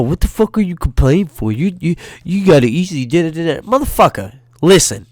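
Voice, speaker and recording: A man's voice: mid-range voice, no echo, clean studio sound. Profane ranting young man, stuffy nose. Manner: profane, heated ranting with sudden loud outbursts. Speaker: podcast host. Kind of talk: solo ranting podcast. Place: his bedroom.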